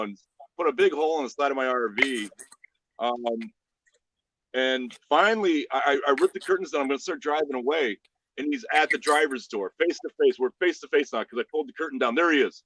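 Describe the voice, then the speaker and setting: A man hosting a casual livestream, telling stories in a profane, animated way. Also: mid-range voice, fairly quick, a little hiss or hum. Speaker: livestream host. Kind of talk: casual chat.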